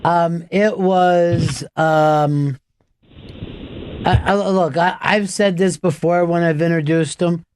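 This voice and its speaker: A man's voice: a little high, steady tone, takes it slowly, a little mellow, slight background noise. A man hosting a radio show in loose, profane, casual chat full of fillers.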